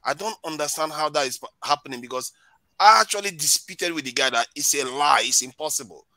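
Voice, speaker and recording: A man's voice: on the high side, a little fast, no echo. A man from Nigeria with a Nigerian accent, telling stories in a casual panel chat and laughing often. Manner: laughs often, animated storytelling.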